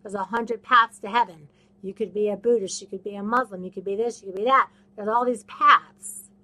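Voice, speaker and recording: A woman hosts a faith podcast, talking straight to her listeners. Her voice sits a little high and sounds bright and forceful. She stresses her points by repeating them and often slips into the voices of the people she describes. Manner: emphatic and repetitive, acts out other people's voices. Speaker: podcast host. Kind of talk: casual faith talk, preaching to listeners.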